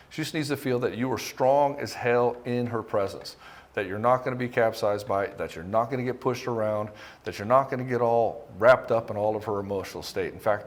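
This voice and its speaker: A man coaching husbands on relationships, talking bluntly and casually, swearing freely and hammering points in short bursts. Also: medium pitch. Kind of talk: direct-to-camera coaching talk.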